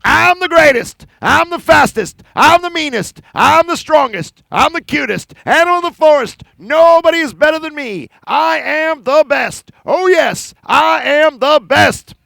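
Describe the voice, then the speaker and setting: A man doing a loud bragging bear. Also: extremely high pitch, lively intonation, measured pace, creaky, few pauses, no echo, pitched above the performer's own voice, full character voice. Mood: boastful. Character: big boastful proud male bear.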